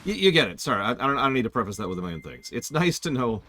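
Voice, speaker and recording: A man's voice: medium pitch, sing-song, racing, sharp tone, a little hiss or hum. A man giving casual live commentary while he plays a video game, rambling, correcting himself and talking to himself as he looks for his way. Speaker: game streamer.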